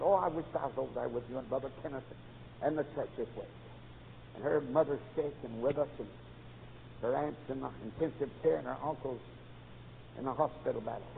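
A preacher delivering a revival sermon, swinging from hushed storytelling to loud fervent shouts. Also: male voice, sits high, slight background noise. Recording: tinny lo-fi recording in a reverberant church.

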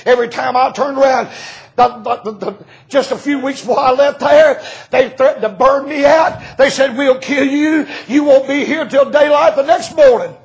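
A man preaching at full tilt, his voice very high and gravelly. He tells his stories with a laugh running through them, rising to ringing shouts and dropping to near whispers. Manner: animated storytelling preaching, swings from shouting to hushed. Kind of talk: sermon.

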